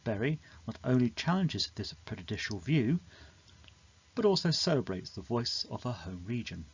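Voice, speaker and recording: Male narrator for a study video, measured and explanatory, slightly dull lo-fi sound. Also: medium pitch, very animated, husky. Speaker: teacher explaining a poem. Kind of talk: scripted educational narration.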